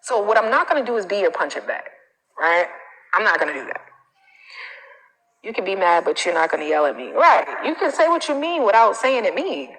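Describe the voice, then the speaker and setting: A woman confidence coach giving advice on a live stream, emphatic, repeating her points and tagging them with "okay?"; she acts out other people's quoted lines in a higher voice. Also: big pitch swings, brisk, a bit bright, big-room sound, rough recording. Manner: emphatic, repeats phrases, frequent "okay?" tags.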